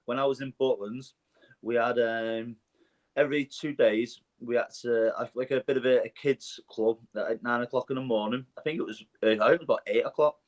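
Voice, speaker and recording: A man's voice: medium pitch, fairly even intonation, fairly quick. A man, a singer who used to work as a holiday camp entertainer, chatting casually and laughing as he tells stories. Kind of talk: casual chat.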